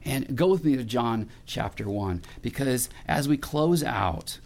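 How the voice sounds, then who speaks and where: A man's voice: medium pitch, animated, measured pace, a little mellow. A middle-aged male pastor preaching a sermon in a conversational way, with restarts and questions put to the congregation.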